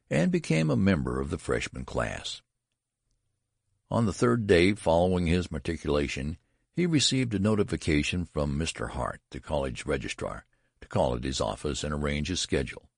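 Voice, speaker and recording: A man reading a story aloud as a narrator, in a measured and even manner. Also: a bass voice, creaky, breathy edge, no echo, studio quality. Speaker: audiobook narrator. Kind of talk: scripted narration.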